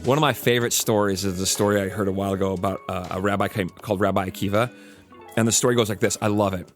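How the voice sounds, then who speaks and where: A man's voice: lowish voice, steady tone, quick pace, faint music behind. A man hosting a reflective podcast, telling a story casually with lots of "like" and "you know". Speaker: podcast host.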